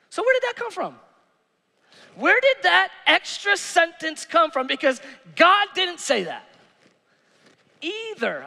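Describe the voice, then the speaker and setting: Man preaching, high bright voice, gravelly edges, animated asides, long church reverb. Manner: animated, conversational, playful asides. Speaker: pastor. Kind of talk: sermon. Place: church sanctuary.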